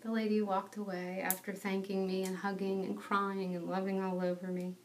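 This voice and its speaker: A woman's voice: mid-range voice, little pitch movement, moderate pace, recorded from a distance. A young woman giving a personal testimony, telling the story in an earnest, self-deprecating way.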